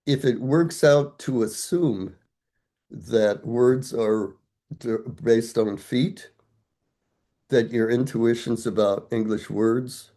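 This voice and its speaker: A man's voice: on the low side, warm tone. An older man, a guest scholar, explaining ideas step by step in a thoughtful, conversational academic way, asking himself rhetorical questions.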